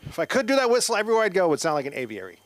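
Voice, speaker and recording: A man's voice: sits high, very animated, racing. A middle-aged Mexican-American man doing stand-up comedy on a club stage, with wry, self-deprecating delivery into a handheld mic. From United States, Mexican-American.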